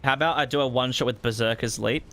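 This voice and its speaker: A man streaming a video game, giving excitable live commentary, swearing freely and laughing often. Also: mid-range voice, fast, a little hiss or hum. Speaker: gaming streamer.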